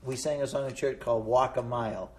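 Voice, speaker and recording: A man's voice: mid-range voice, steady tone, quick pace, darkish tone. Rambling man hosting a cable interview. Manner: rambling, hesitant storytelling with fillers. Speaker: cable access TV host. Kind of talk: casual interview chat. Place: local TV studio with audience.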